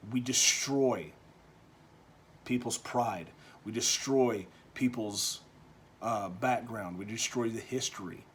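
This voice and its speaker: A man from Texas, giving an opinion monologue that is full of restarts and swings between quiet, low stretches and loud, animated bursts. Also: slight background noise. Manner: halting, with frequent restarts and repeated words. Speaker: vlogger.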